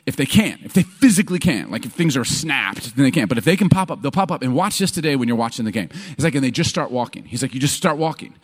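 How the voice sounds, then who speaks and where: A man's voice: medium pitch, fast, few pauses. A man preaching from a stage, telling stories with humor and acting out what people say. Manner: animated storytelling, acting out quotes. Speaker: pastor. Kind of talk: sermon. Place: stage before an audience.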